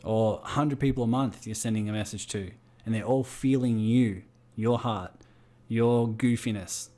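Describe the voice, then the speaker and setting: A man's voice: fairly low pitch, normal speed, mellow. A man with an Australian accent leading a group coaching call over a video call, firing rhetorical questions at his listeners. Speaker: business coach.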